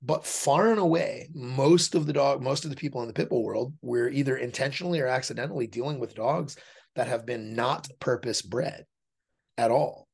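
A man in a relaxed interview setting, his voice husky and breathy at the edges. He talks bluntly and swears freely, putting on voices to play out how other people react. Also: mid-range voice, moderate pace. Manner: blunt and profane, acts out quoted voices. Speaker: podcast guest, fighter and dog trainer. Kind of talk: casual interview talk.

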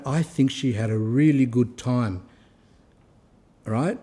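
Male speaker for an informal religious talk; warm, mellow, mid-pitched storyteller who acts out the dialogue. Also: takes it slowly. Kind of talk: informal lecture with anecdotes.

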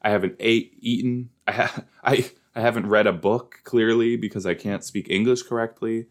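A man hosting a casual reaction show about a TV episode, excitable and joking, with sudden jumps into high squeals. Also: moderate pace.

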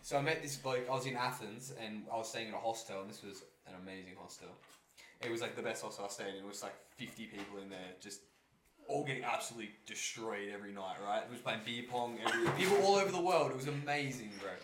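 A man's voice: lowish voice, fast talker, fairly bright tone, reverberant, a little hiss or hum, low-quality recording. A man with an Australian accent hosting a podcast, telling a story in a rambling, sweary way full of "like". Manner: rambling, swears freely, lots of "like". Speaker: podcast host. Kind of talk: casual chat.

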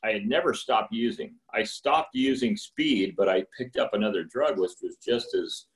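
Low-voiced middle-aged man sharing his story. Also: normal speed. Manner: candid and rambling, with restarts, acting out phone calls in higher voices. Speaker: speaker sharing at a recovery meeting. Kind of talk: personal testimony.

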